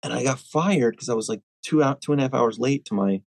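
Animated, chatty man telling stories. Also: medium pitch, quick pace, creaky, no echo, rough recording. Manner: animated storyteller with many fillers and restarts. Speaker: actor telling stories in a conversation. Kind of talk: casual chat.

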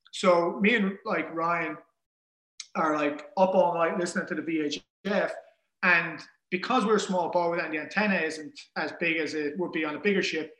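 Man, high voice, animated casual storytelling, roomy echo. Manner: animated, acts out quoted dialogue. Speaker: guest telling an ocean rowing story.

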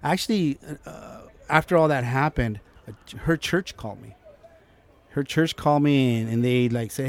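A man speaking in an interview at an average pitch, recounting events in a loose, animated way. He slips into the voices of the people he quotes and often restarts his sentences. The delivery sounds like a relaxed chat. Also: normal speed. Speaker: guest. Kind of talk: casual interview storytelling.

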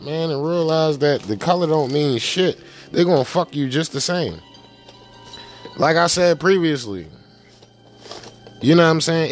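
A man hosting his political commentary show in a casual, profane rant, full of slang and "you know what I'm saying" tags. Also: fairly high pitch.

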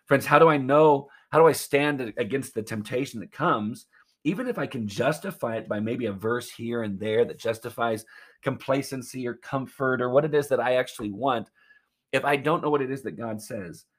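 A male pastor delivering a sermon with a slightly husky, breathy edge to his voice. He speaks earnestly and with emphasis, pressing his points home to his listeners. His pitch sits in an ordinary middle range for a man. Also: normal speed.

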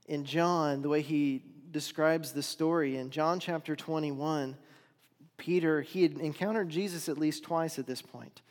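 A male preacher retells a story in sermon form, swinging from loud emphasis to hushed, quiet lines. His voice sits a bit high for a man. The sound carries a long reverb from a large hall. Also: fairly even intonation, measured pace.

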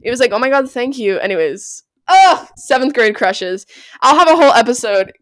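A young woman hosting a casual solo podcast, rambling and giggly, breaking into squeals and yells. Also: on the high side, big pitch swings, moderate pace, no room sound. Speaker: podcast host.

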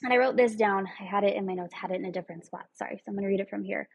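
A woman's voice: medium pitch, racing, gravelly, slightly rough, poor audio. A woman speaking in an earnest, emphatic way, giving a casual motivational talk with some rambling asides.

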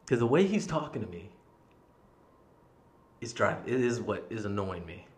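A man's voice: fairly low pitch, very animated, moderate pace. A man hosting his own podcast, telling a story in a casual, heated monologue full of swearing. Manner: reenacts his own yelling in the quotes. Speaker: podcast host.

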